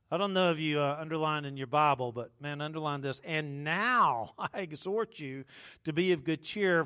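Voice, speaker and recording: Male pastor, slightly high voice, dynamic sermon delivery with quiet lulls and loud peaks. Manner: dynamic preaching, swinging from hushed to loud; jokes with the congregation.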